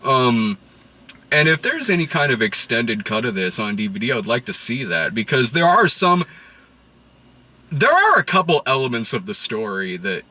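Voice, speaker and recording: A man hosting a casual movie review podcast, excitable and profane, often breaking into laughter. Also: medium pitch, normal speed. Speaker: podcast host. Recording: distant mic.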